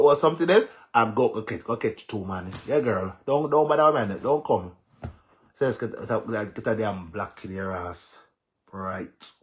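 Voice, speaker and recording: A man with a Jamaican accent ranting on a livestream as a social media commentator, loud and mocking, laughing and cursing as he goes. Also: on the high side. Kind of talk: livestream rant.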